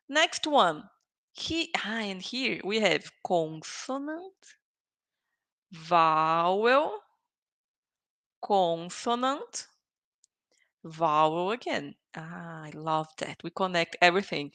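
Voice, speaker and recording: A woman's voice: lowish voice, lively intonation, slow, pushed and bright. A woman with a Brazilian Portuguese accent teaching English vocabulary, patiently repeating phrases to drill pronunciation. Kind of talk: online vocabulary lesson.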